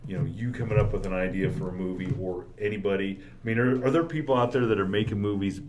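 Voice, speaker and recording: A man in a casual podcast chat, animated and swinging between loud and soft as he tells anecdotes. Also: fairly low pitch, quick pace, a little hiss or hum.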